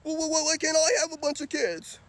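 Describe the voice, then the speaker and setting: A man putting on a high, squeaky mocking imitation of a whiny, indignant woman. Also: a little fast, a bit bright. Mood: mocking whine.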